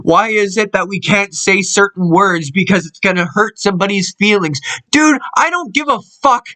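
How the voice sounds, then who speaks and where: A man's voice: sits high, moderate pace, pushed and bright. A young Canadian man giving an emphatic, profane, rambling rant to his channel's viewers, often restarting his sentences. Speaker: channel host. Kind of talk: unscripted rant to camera.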